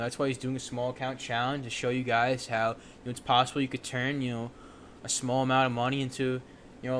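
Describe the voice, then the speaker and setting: A young man hosts a trading stream in an easy, conversational way. He keeps stringing thoughts together with "you know" while a faint noise sits under the voice. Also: medium pitch. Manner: relaxed, filler-heavy, lots of "you know". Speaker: livestream day-trading host. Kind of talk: casual chat.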